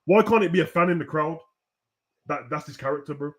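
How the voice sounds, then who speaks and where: A young man hosting a casual, animated wrestling rant full of slang, at times breaking into shouts. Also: on the high side, a little fast. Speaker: host. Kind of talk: casual ranting commentary.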